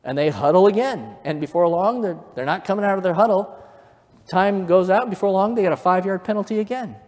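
Man preaching in a big echoey church, kinda high voice, gets fired up. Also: fairly quick. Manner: building from quiet to fervent emphasis, storytelling. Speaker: pastor. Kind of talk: sermon. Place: church sanctuary. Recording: long reverb of a church hall.

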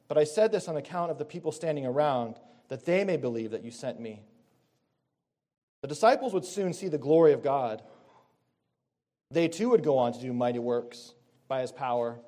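A man's voice: on the high side, normal speed, warm tone. A man preaching a sermon in an earnest way, reading scripture aloud and correcting himself as he goes. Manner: earnest, reads scripture aloud and rephrases himself mid-sentence.

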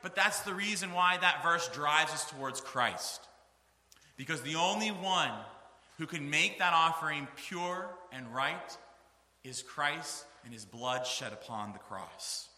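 A man's voice: fairly high pitch, lively intonation, a little slow, sharp tone, roomy sound, in a large hall. A man preaching a sermon, reading scripture aloud with earnest, rising emphasis.

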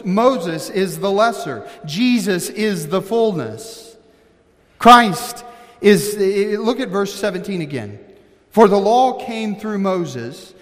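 A man preaching a sermon, pressing his points hard as he reads scripture and explains it. His voice sits high for a man. The sound rings with a long reverb, as in a large church sanctuary. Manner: emphatic preaching, reads scripture aloud with commentary. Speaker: pastor.

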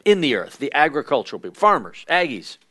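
A man giving a conversational church history lesson at a midweek church service, often pausing with fillers and reading quotations aloud. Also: on the high side, sing-song, bright, forceful tone.

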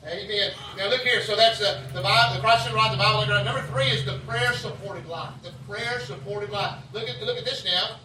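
A man's voice: sits high, a little fast, few pauses, bright, forceful tone, reverberant, recorded from a distance, a little hiss or hum, rough recording. A man preaching a revival sermon in a folksy, repetitive way, leading the crowd to say lines back to him. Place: revival tent.

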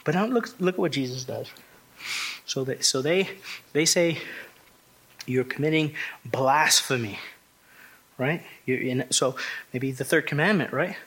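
A man's voice: medium pitch, measured pace, long pauses, a bit bright, husky. A man preaching an expository sermon, emphatic and conversational, often restarting phrases and asking the congregation rhetorical questions. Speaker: pastor.

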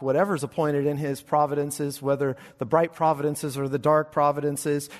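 Emphatic preacher in a reverberant hall. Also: male voice, a little high. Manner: emphatic preaching, swinging from hushed to loud. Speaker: pastor. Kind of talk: sermon.

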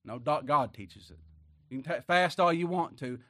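An older man preaching a sermon, swinging from hushed words to loud emphatic passages. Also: fairly high pitch, normal speed, dry recording, clean studio sound. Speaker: pastor.

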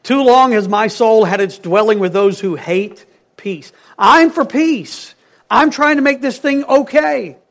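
Male pastor, high voice, earnest sermon, emphatic then hushed. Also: measured pace.

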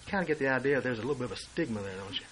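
A man preaching a sermon, reading and explaining scripture verse by verse and swinging between hushed asides and loud declarations. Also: medium pitch, animated, racing, a little hiss or hum, low-quality recording.

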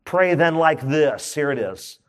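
A middle-aged male pastor preaching a sermon in an emphatic style, with comic asides and sudden jumps up in pitch. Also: expressive, unhurried.

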